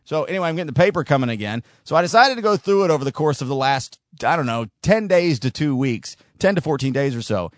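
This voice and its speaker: A man's voice: fairly high pitch, lively intonation, fast talker, hardly any pauses, dry recording, clean studio sound. A man hosting and producing his own talk podcast, rambling casually with a sardonic edge. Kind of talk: solo talk show monologue.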